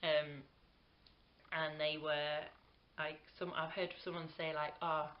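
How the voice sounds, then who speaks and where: A woman's voice: deep voice, level tone, takes it slowly, dull audio. A British woman in her twenties chatting casually to camera, rambling with lots of "um" and "like" and laughing easily. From Britain. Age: 20s. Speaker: vlogger.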